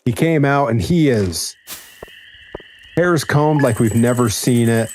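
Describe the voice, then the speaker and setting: A young man chatting casually on a gaming stream, telling a rambling anecdote with animated quoted voices. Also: medium pitch, slow, a little hiss or hum. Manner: rambling storyteller, animated quoting. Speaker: streamer co-host.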